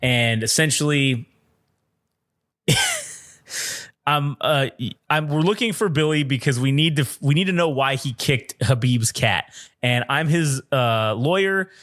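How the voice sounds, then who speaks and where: A man co-hosting a podcast, telling a story in an animated, profane way and laughing often. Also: mid-range voice, unhurried, long pauses. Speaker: podcast co-host. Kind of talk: casual storytelling chat.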